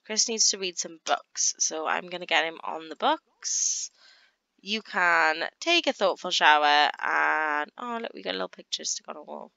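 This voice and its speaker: A woman giving casual gameplay commentary, chatting along and voicing her characters in quick asides. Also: low-pitched, vocal fry, pushed and bright, dry recording. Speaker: gaming YouTuber.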